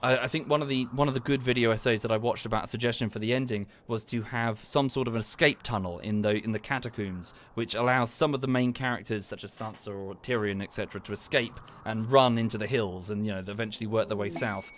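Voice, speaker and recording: A man streaming a game, rambling in a casual chat that turns into heated ranting with sudden high outbursts. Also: fairly even intonation, fast talker, few pauses, fairly bright tone, slight background noise. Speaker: gaming streamer.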